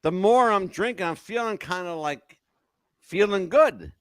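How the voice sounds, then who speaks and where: An older man hosting a podcast, telling animated stories in an emphatic way and checking in with "okay?" as he goes. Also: high-pitched, a little slow, no echo. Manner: emphatic, keeps asking "okay?". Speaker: podcast host. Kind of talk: animated storytelling chat.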